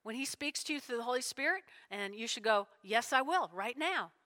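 A woman's voice: a little high, animated, a little fast, bright, forceful tone. A woman pastor preaching a sermon, emotional and full of call-and-response with her congregation.

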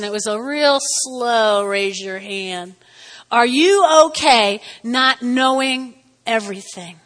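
Bright, high-voiced woman preaching playfully. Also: long reverb tail. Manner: chatty, playful, acts out quotes with rising emphasis. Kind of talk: sermon.

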